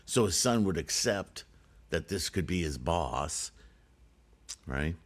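A man's voice: sits low, expressive, slow pace. A man reading a Buddhist scripture aloud and breaking off into casual spoken commentary with frequent "right?" asides.

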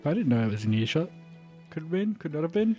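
Mellow guy player, playful, pokes fun at himself, light music. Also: fairly high pitch, sing-song, fast talker. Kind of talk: casual podcast chat.

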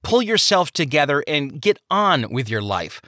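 A man's voice: a little high, big pitch swings, normal speed, sharp tone, dry recording, clean studio sound, pitched above the performer's own voice. A man voicing an exasperated wife and mother who scolds her husband firmly. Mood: scolding. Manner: scolding, firm.

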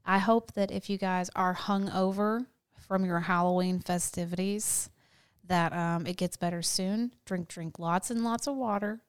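A woman's voice: medium pitch, fairly even intonation, moderate pace, clear, resonant tone, no echo, clean studio sound. A middle-aged woman co-hosting a podcast, chatting loosely and laughing often. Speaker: podcast co-host. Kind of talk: casual chat.

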